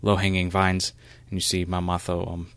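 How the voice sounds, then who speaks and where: Low-voiced man narrating a role-play. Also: monotone, fairly bright tone, smooth, no room sound. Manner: halting, many fillers. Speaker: game master.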